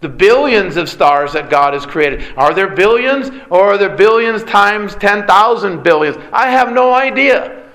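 A man's voice: high voice, expressive, measured pace, a bit bright, low-quality recording. A man preaching a sermon as a pastor, earnest and conversational, with rhetorical questions.

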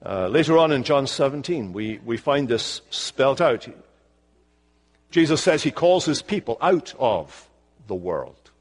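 An older man with a Scottish accent preaching a sermon in a church, slowing down to stress his key words. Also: medium pitch. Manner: expressive preaching, slowing for emphasis. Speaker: pastor. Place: church sanctuary. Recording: long church reverb.

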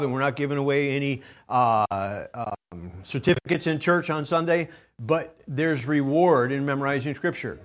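A man of middle pitch preaching in a relaxed, conversational sermon style. He speaks practically to his listeners, stumbling over restarts and fillers as he goes. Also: normal speed.

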